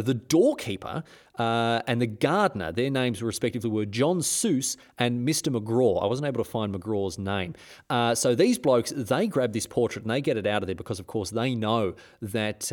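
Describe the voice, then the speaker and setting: A man hosting a history podcast, telling the story in a jokey, sarcastic way with many restarts. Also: mid-range voice.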